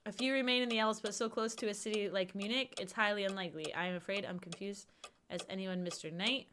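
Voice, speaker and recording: A woman voicing a pompous male German wolf researcher, reading his lines slowly in a deliberately bad mock French accent. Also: mid-range voice, steady tone, background noise, close to an everyday voice. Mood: lecturing. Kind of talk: reading game dialogue aloud.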